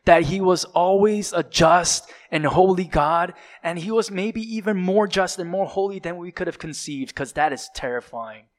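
A man's voice: high voice, moderate pace, few pauses. A man preaching a sermon, building dramatic emphasis and sometimes dropping to a whisper, with occasional fillers and self-corrections.

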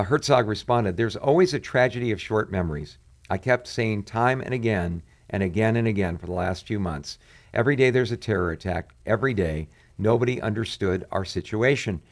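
A man, a pastor and show host, commenting on current events and reading quotes aloud, pausing often with "uh" fillers. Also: lowish voice. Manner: frequent "uh" fillers, reads quotes aloud with rising intensity.

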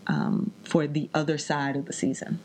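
A woman chatting casually on a podcast, animated and playful, giving practical advice. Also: low voice, normal speed, a little hiss or hum. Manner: animated, playful, breaks into impressions.

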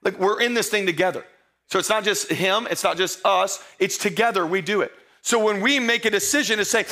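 A man preaching a humorous sermon, telling the story playfully and acting out the characters in hushed asides. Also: a little fast. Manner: playful storytelling, acts out disciples in low hushed voices. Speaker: pastor.

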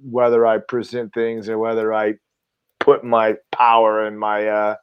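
A man's voice: fairly low pitch, monotone, measured pace, smooth, highs cut off. A man co-hosting a podcast, chatting in an easygoing way and laughing along with the others. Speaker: podcast co-host. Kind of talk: casual podcast chat.

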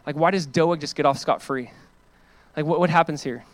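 Emphatic pastor, higher male voice. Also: normal speed, no room sound. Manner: earnest, emphatic preaching with casual asides. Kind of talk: sermon.

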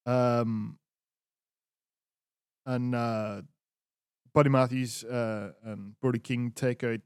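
A man's voice: mid-range voice, fairly even intonation, takes it slowly, a little mellow, clear, resonant tone, no echo. Laid-back man recapping, dry mic. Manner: laid-back, recapping with frequent fillers and swearing. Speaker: podcast co-host. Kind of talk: casual wrestling chat.

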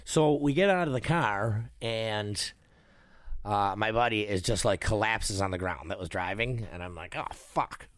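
A man's voice: lowish voice, normal speed, dry recording. A young man casually telling a wild story, swearing a lot and acting out the voices of the people in it. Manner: animated, swears a lot, acts out voices while telling stories.

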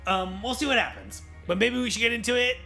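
A man hosting a casual podcast with a high, very bright, sharp voice. He is opinionated and leads the talk with questions. Faint music sits in the background. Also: fast talker, creaky. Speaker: podcast host. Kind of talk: casual chat.

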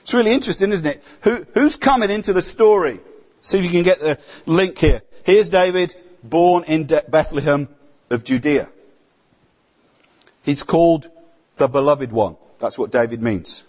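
A man's voice: on the high side, normal speed. A man preaching a sermon in a conversational way, often putting rhetorical questions to the congregation.

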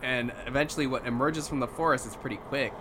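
A man telling a ghost story to friends in a casual chat, acting out the characters' lines and dropping to a hushed voice at tense moments. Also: mid-range voice, fast talker, background noise.

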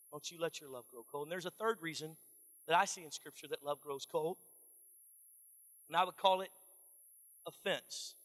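A man's voice: on the high side, fairly bright tone. A man preaching a sermon in earnest, warning tones, addressing the congregation as friends. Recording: long reverb of a large hall.

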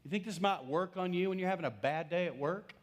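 A man's voice: high voice, fast talker. A middle-aged male pastor preaching a sermon, telling a story and putting questions to his congregation.

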